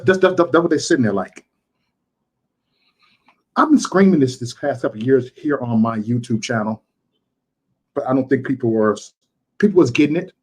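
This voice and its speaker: A man ranting to his livestream chat, impassioned and repeating himself for emphasis. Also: medium pitch. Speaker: YouTube livestreamer.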